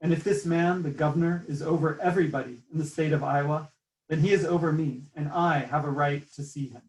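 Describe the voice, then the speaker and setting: A man's voice: fairly high pitch, fairly even intonation, brisk, lightly acted. A man voicing a determined Native woman in her thirties who speaks firmly and insistently. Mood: resolute. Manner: firm, declarative, insistent. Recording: roomy sound from a distant mic.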